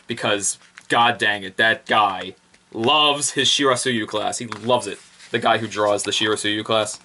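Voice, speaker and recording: A young man giving a casual, unscripted review, rambling and excitable, with lots of fillers and self-corrections. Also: on the low side. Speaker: product reviewer.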